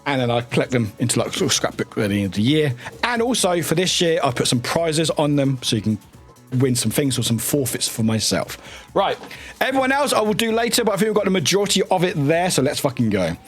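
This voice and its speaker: A man chatting casually on a live stream, excitable and often laughing and swearing. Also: on the high side, quick pace, breathy edge, soft background music.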